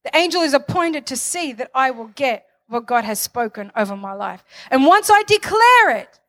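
A woman's voice: high voice, big pitch swings, moderate pace, fairly bright tone. A woman preaching a sermon, building to fervent declarations and calling on the congregation for amens. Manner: calls for amens.

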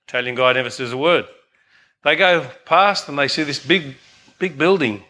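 A man's voice: a little high, moderate pace, sharp tone. An older man preaching a sermon earnestly, often asking the congregation "amen?".

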